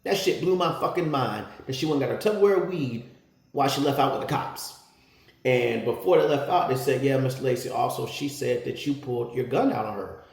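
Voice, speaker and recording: A man tells his story casually, blunt and heavy with profanity, his voice rough with a gravelly edge. His words ring off the walls of an echoey room. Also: medium pitch, a little fast, darkish tone. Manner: blunt, profane, gets heated retelling an argument. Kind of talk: casual first-person storytelling.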